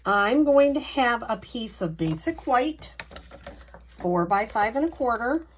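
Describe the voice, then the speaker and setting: Lively, chatty woman crafter. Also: fairly high pitch, takes it slowly, a little hiss or hum. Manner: chatty, self-deprecating, encouraging. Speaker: card-making tutorial host. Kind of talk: casual crafting demonstration.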